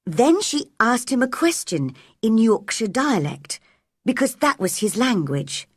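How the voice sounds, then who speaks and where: Woman narrator for a learners' audiobook, lively pitch, breathy, dry close sound. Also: no echo. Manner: clear, measured, expressive character voices. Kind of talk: graded-reader audiobook narration for English learners.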